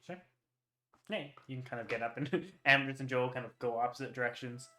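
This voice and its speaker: Bright-voiced man running a tabletop game. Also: mid-range voice, brisk. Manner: laughs often, relaxed and chatty. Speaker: game master.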